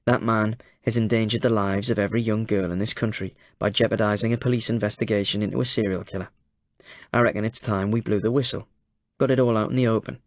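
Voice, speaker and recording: A man playing a deadpan detective chief inspector. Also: on the low side, quick pace, no room sound, studio quality, natural voice. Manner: deadpan, blunt. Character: cool, calculating male detective chief inspector. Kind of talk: audiobook character voice.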